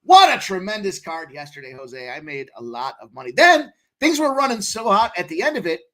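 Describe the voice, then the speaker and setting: Male co-host, higher voice, brash, cursing, hyped betting talk. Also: big pitch swings, fairly quick, bright, forceful tone. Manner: brash, profane, hyped and boastful. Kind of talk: casual sports betting chat.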